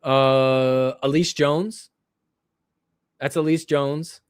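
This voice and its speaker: A young man hosting a live stream, joking and excitable as he reacts to clips and laughs often. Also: mid-range voice, drawn-out words, a little hiss or hum. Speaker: livestream show host. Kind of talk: casual live-stream commentary.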